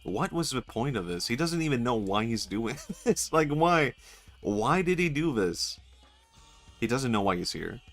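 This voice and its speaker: A man's voice: mid-range voice, sing-song, a little slow, fairly bright tone, faint music behind. A male streamer giving casual, joking commentary while playing a game, laughing often and swearing freely.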